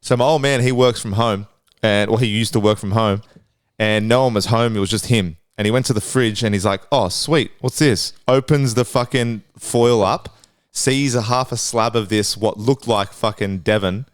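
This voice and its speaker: A man co-hosting a podcast, casually telling a story with swearing and getting excited as it builds. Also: moderate pace, clear, resonant tone, no echo, clean studio sound. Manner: animated storyteller, swearing, rising pitch when excited. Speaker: podcast co-host. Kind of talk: casual chat.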